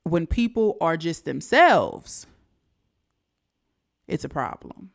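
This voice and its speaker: A woman with a fairly low voice hosts a reaction video, commenting in a loose, conversational way. Her delivery keeps dipping from full voice down to soft, almost whispered asides. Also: sing-song, slow pace, gravelly.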